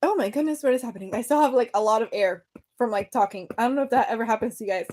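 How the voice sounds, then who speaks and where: A young woman with a high, light voice chats casually on a livestream, bubbly and easily distracted. She talks straight to her viewers and sounds a little out of breath. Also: rapid-fire, a little mellow, a little hiss or hum. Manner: bubbly, chatty, distracted, reads comments aloud. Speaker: livestream host.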